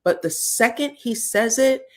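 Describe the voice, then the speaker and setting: A woman in casual chat, recapping reality-show scenes for viewers with animated, emotional delivery and free swearing. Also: on the high side, measured pace. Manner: retells scenes in others' voices.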